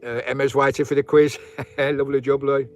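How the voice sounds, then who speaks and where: A man's voice: mid-range voice, level tone, fairly quick, faint music behind. A man hosting a casual live stream from his campervan, rambling between his viewers and his dog. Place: inside a campervan.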